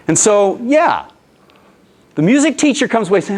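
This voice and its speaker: Animated male conference presenter. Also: sits high, normal speed, long pauses. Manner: animated storytelling with quoted voices. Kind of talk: lecture presentation.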